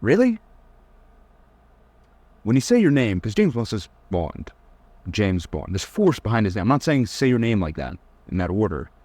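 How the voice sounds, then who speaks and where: Teasing young man with lively delivery. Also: on the low side, moderate pace, pauses often, dry recording. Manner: blunt, teasing, mocks with whiny put-on voices. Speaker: dating advice coach. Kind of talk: casual lecture to camera.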